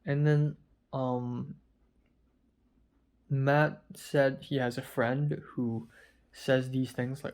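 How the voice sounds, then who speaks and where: This Hong Kong vlogger sounds drowsy as he meanders through an informal video diary, stopping and starting with many fillers. He speaks at a medium pitch in a flat, slightly mellow way.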